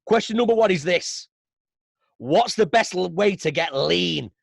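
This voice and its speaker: Hosting a casual interview podcast, a man from Manchester, England, is animated and easygoing, laughing often and leaning on fillers. His high-pitched voice is gravelly and measured in pace, recorded with no room sound.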